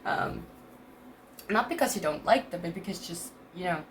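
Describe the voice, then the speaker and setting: A woman's voice: lowish voice, animated, moderate pace, a little hiss or hum. A woman in her twenties giving a casual tarot reading, rambling and hesitant with many fillers and restarts, laughing often between thoughts. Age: 20s. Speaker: tarot reader.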